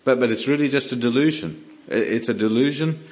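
A man's voice: mid-range voice, fairly quick. A man preaching a sermon in an earnest, emphatic way, often restarting his words.

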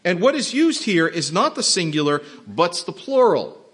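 A man's voice: high-pitched, very animated, normal speed, a bit bright, slightly rough. A man preaching a sermon, explaining a Bible passage with emphatic rhetorical questions. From not from Texas. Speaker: pastor.

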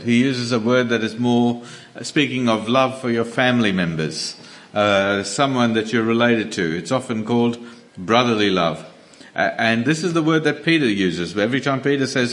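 A man preaches in an easygoing, conversational sermon. His voice sits at an ordinary middle pitch, and he often trips into small restarts and fillers as he works through his point. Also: fairly bright tone. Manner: conversational, many restarts and fillers, slows down to read scripture.

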